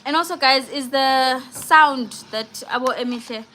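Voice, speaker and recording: Girl on a phone live, chatty movie recap, bright voice, bit of hiss behind. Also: high-pitched, measured pace, poor audio. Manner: chatty, animated retelling with frequent slang fillers. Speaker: vlogger doing a live movie review. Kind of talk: casual live-stream chat and plot retelling.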